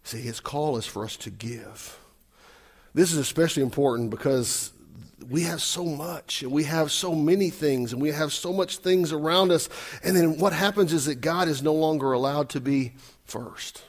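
A man preaching a sermon, animated, swinging between loud emphatic lines and soft asides, acting out quotes. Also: fairly high pitch, normal speed. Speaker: pastor.

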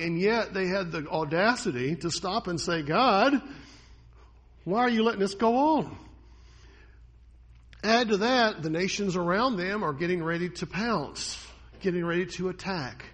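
A man preaching a sermon with a husky voice, swinging between loud dramatic bursts and hushed lines. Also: sits high, moderate pace. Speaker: pastor.

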